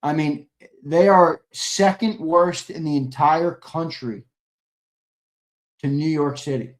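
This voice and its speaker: A man co-hosting a live sports stream, ranting in a sarcastic, exasperated way and sometimes shouting. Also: on the high side, slow. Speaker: sports show co-host. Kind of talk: casual live-stream rant.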